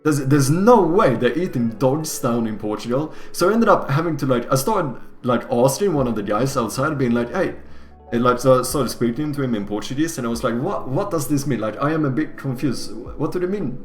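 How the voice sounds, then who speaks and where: Excitable, profane male game streamer. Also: medium pitch, brisk, faint music behind. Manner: excitable, profane, laughs often. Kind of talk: casual live-stream commentary.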